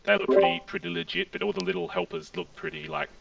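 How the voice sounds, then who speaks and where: A man's voice: high-pitched, fairly even intonation, fast talker, creaky, fairly bright tone, far from the mic, dull audio, faint music behind. A man serving as game master, narrating a tabletop game in a loose, hesitant way full of fillers.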